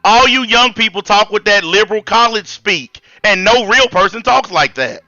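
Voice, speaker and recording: A brash Southern man, high and bright. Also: normal speed, no room sound, muffled recording. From American South. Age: 40s. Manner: blunt, profane, combative ranting. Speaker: channel host. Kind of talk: heated live-stream debate.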